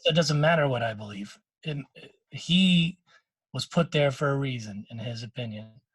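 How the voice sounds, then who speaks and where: A middle-aged man co-hosting a podcast, telling a moving personal story in casual chat, with frequent restarts and quick quoted lines from others. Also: medium pitch, a bit bright, breathy edge, no echo. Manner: emotional storytelling with many restarts; quotes others in short bursts. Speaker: podcast co-host.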